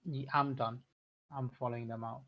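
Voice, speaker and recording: A man's voice: mid-range voice, little pitch movement, moderate pace, muffled recording. Sheepish man player. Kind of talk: casual tabletop game chat.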